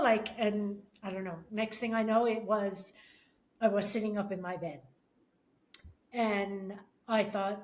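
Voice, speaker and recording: A middle-aged woman, a podcast guest, telling a personal story with many restarts and pauses, often emotional. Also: mid-range voice, steady tone. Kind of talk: casual conversation.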